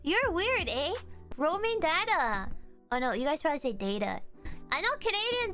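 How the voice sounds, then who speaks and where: Young female streamer, high lively voice, playful and giggly, casual chat. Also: normal speed, faint music behind.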